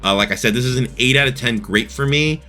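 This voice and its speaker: A man's voice: medium pitch, quick pace, pushed and bright. A man hosting his own review show, casually recapping a cartoon episode in a rambling way with lots of fillers. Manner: rambling, many fillers, laughs at own retelling.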